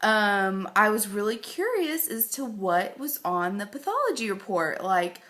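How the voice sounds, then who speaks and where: A woman's voice: mid-range voice, big pitch swings, unhurried, fairly bright tone. Chatty pregnant woman vlogging. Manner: rambling, many fillers like "um" and "like"; emotional, close to tears at times. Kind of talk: casual chat to camera.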